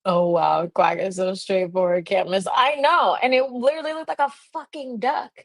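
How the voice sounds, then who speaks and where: The speaker is a young livestream host with a mid-range voice and fairly even intonation, talking at normal speed with no room sound. She tells her story in a relaxed way, giggling frequently and peppering it with "like."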